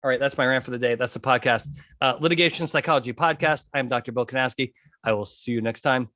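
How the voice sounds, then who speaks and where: A man hosting a litigation psychology podcast, ranting in a lively, animated way and laughing often. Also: medium pitch, fast talker. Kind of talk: solo podcast rant.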